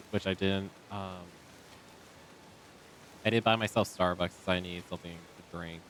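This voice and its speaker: A man's voice: deep voice, steady tone, normal speed, fairly bright tone, a little hiss or hum. A man streaming a video game, chatting casually and rambling with many ums into a desk microphone. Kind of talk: casual live-stream chat. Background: faint game music.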